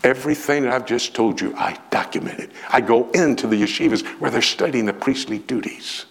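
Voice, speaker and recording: Gravelly dramatic preacher man. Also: medium pitch. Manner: dramatic, animated, emphatic pauses. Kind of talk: sermon with storytelling.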